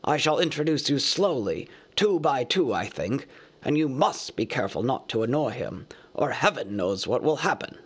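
A man reads a storybook aloud, doing the voice of Gandalf, an old wizard who lectures in a measured manner and gets cross easily. The delivery is medium-pitched, sing-song, and slightly rough, with a lecturing mood.

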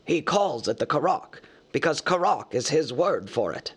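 Testy old male wizard, lecturing, slightly raised pitch, as a male narrator puts him on. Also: big pitch swings, slightly rough. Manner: measured, lecturing, easily cross.

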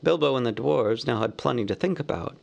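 A man narrating a storybook aloud in a steady storytelling manner. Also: medium pitch, fairly quick, vocal fry. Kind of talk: audiobook narration.

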